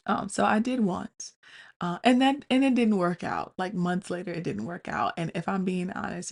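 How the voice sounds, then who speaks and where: A woman talks through her own relationships in a candid, self-questioning monologue. Her voice sits low and carries a gravelly fry, and she keeps circling back and restarting her thoughts as she speaks to her listeners. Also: expressive, moderate pace. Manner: addresses listeners as "y'all". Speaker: podcast host.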